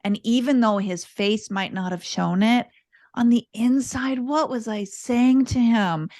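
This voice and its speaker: A woman's voice: on the high side, measured pace. Earnest woman telling a parenting story. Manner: earnest, animated, candid storytelling. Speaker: parenting coach, podcast guest. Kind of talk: casual interview storytelling.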